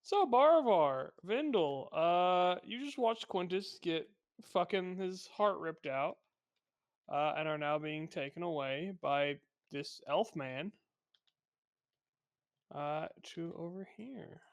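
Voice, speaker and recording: A man's voice: fairly high pitch, animated, takes it slowly. A man narrating a tabletop game as game master, casual and a bit crude.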